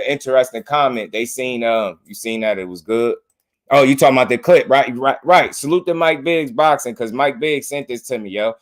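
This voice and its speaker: A man hosting a boxing commentary video, talking to his viewers in loose slang and repeating himself a lot. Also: fairly low pitch.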